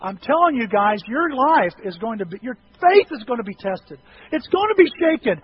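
A middle-aged male pastor preaching a sermon in a church, telling lively stories with self-deprecating humor. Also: very high voice, normal speed, husky, dull audio. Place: church sanctuary.

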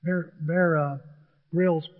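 A man's voice: a little high, steady tone, slow. A middle-aged man preaching a sermon, earnest and emphatic, often repeating his point. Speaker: pastor. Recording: tinny phone-like sound.

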